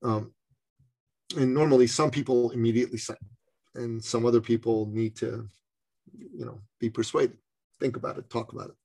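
Gravelly, husky-voiced man telling a story. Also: medium pitch, moderate pace, long pauses. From Canada. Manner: animated storyteller, acts out quoted voices. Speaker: speaker and business coach. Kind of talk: storytelling in conversation.

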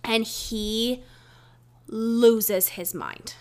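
A Canadian woman co-hosting a podcast, retelling a trip story in a casual, profane, animated way. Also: a little high, extremely slow. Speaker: podcast co-host.

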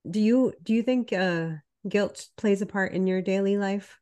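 This woman, a health coach co-hosting a podcast, is congested and under the weather, so her voice comes out stuffy and nasal. Still, it's mid-range and clear, a little mellow, with a resonant tone at normal speed. She chats casually and sounds a little apologetic.

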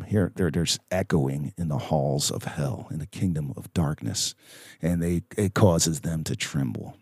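Low-voiced man preaching, casual. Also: darkish tone, no echo, clean studio sound. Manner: conversational preaching with fillers and tag questions. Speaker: pastor. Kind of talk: recorded sermon podcast.

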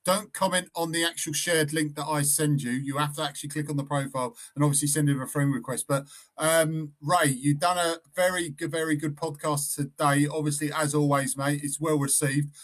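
A man's voice: a little high, little pitch movement, a little fast, fairly bright tone. A man in casual chat, explaining steps and then hesitating through restarts. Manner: hesitant, many restarts, says mate.

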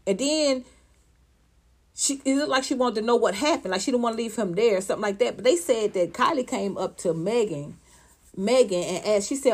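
A woman with a fairly high voice sounds off on celebrity news in a blunt, cussing, sarcastic vlog rant. She keeps firing rhetorical questions at the person she is talking about. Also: expressive, normal speed, darkish tone. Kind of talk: heated celebrity gossip commentary.

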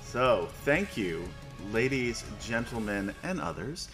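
A man running a tabletop game as game master, narrating in a measured, dramatic way. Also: mid-range voice, very animated, music in the background.

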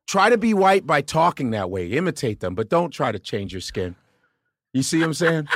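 A male comedian guest with a fairly high voice talks at normal speed in a loose podcast chat, animated, profane and prone to mocking voices. The studio-quality recording has no echo.

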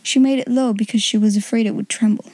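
A woman's voice: fairly high pitch, fairly even intonation, quick pace, warm tone, no echo. A woman hosting an audiobook podcast, chatting casually and reading a children's novel aloud. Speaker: audiobook podcast host and reader.

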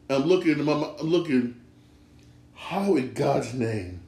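A man's voice: on the high side, lively intonation, normal speed. Emphatic man in an echoey room. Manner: emphatic and repetitive, circling back to his points. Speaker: sports podcast host. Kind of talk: casual solo sports talk.

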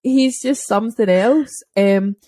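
A young Scottish woman, a dog trainer, chatting casually on a podcast and telling lively stories, acting out quick voices and swearing freely. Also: on the high side, no room sound. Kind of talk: casual chat.

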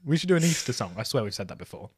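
Male co-host, playful, very animated delivery. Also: medium pitch, very fast, breathy edge. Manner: playful, bursts into silly jingles. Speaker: podcast co-host. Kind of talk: casual comedic chat.

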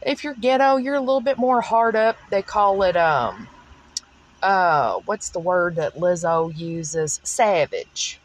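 A woman with a Southern accent hosts a solo podcast, talking slowly in a rambling way and often stopping on fillers. Her voice sits fairly low for a woman. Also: lively intonation. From American South. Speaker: podcast host. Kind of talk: solo opinion monologue.

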